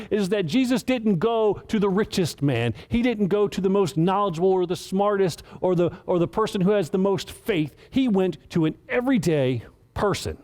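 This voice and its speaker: Man, sermon storyteller, casual, earnest, frequent restarts, slightly high voice. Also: darkish tone. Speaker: director of children's ministry giving the message.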